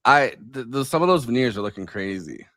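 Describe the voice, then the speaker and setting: A man co-hosting a podcast, talking casually in a halting, hesitant way. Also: medium pitch, lively intonation, a bit bright, dry recording, clean studio sound. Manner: halting, hesitant, self-deprecating. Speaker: podcast co-host. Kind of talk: casual chat.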